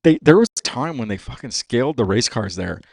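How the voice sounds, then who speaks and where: A man in his fifties, a racer from California, telling stories on a podcast in a profane, animated way and saying "dude" all the time. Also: medium pitch, a little fast, gravelly, dry recording, studio quality. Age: 50s. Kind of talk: casual storytelling.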